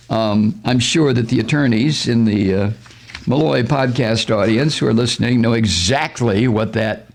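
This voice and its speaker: A man hosting a political talk radio show, sarcastic and profane, with mocking laughs and loud exclamations. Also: mid-range voice, vocal fry.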